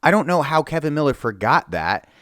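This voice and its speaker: A man giving a casual, profane commentary rant, animated and mocking. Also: fairly high pitch, brisk, slight background noise. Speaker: video commentator.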